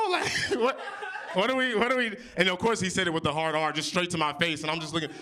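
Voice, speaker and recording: A young man from Oklahoma performing improvised stand-up comedy, loud and brash, cursing and teasing the crowd. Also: sits high, animated, quick pace. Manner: loud, brash, playful crowd work with swearing. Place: winery comedy stage before a live audience.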